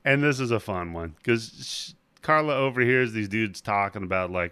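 A man's voice: lowish voice, moderate pace, hardly any pauses, smooth, no echo. Guy recapping a movie on a podcast, acts out all the lines, swears a ton, dry close sound. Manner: animated retelling, acting out characters' lines with profanity. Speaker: podcast host.

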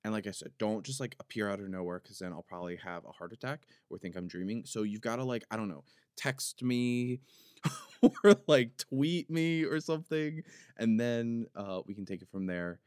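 A man's voice: on the low side, fairly quick, hardly any pauses, darkish tone, clear, resonant tone, no echo, clean studio sound. A man hosting a podcast, telling a long story in a casual, rambling way full of "like" fillers. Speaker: podcast host. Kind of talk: casual comedic monologue.

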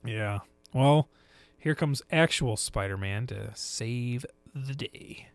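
A man's voice: medium pitch, slow, no room sound. A man chatting casually about movies on a podcast, rambling with restarts and now and then putting on silly voices for quotes. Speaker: podcast co-host.

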